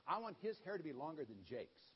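A man voicing a casual, friendly male angel messenger who talks in a relaxed, reassuring way. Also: a little high, quick pace, a little hiss or hum. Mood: easygoing. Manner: laid-back, chatty, reassuring. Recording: dull lo-fi recording.

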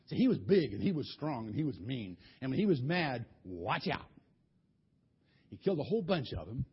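A man's voice: a little high, breathy edge. A man preaching, retelling a Bible story in a folksy, colloquial way with many restarts, on a dull lo-fi recording. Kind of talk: animated Bible storytelling sermon.

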